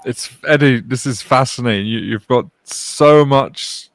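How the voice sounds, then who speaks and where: A man's voice: mid-range voice, measured pace, dry recording. A man hosting a casual stream who asks curious follow-up questions.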